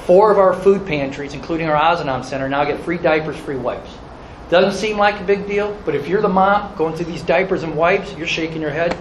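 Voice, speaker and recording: A man's voice: on the high side, slight background noise. A man giving a folksy, earnest presentation about charity work, telling stories to an audience. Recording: echoey room with faint ambience.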